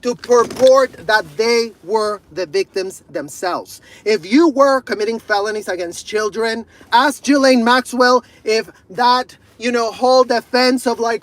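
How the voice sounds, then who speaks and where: Man with a very high voice, angry profane rant, repetitive, shouting bursts. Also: a little slow, few pauses, no echo, low-quality recording. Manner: furious, profane, repeating himself, bursts of shouting. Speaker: video creator.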